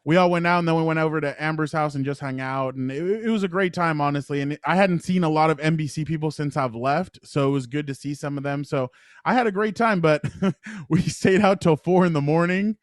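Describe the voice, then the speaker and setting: A man's voice: a little high, brisk, no echo, studio quality. A young man co-hosting a podcast, telling a casual, rambling weekend story full of fillers and laughing asides. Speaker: podcast co-host.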